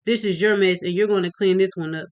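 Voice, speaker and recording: A woman's voice: mid-range voice, fairly even intonation, fast, natural voice. A woman voicing a brutal male police officer in a read-aloud novel, threatening and barking. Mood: menacing.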